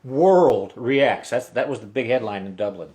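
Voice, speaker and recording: A man's voice: on the low side, quick pace. A middle-aged man casually telling a story between songs on his live stream, rambling with many halts and restarts. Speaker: musician hosting a live stream. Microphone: webcam stream mic.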